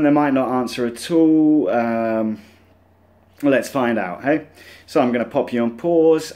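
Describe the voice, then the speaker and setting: A man's voice: mid-range voice, a little mellow. A man hosting a scam-baiting channel, chatting casually and rambling to his viewers, full of fillers. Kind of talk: casual vlog talk to camera.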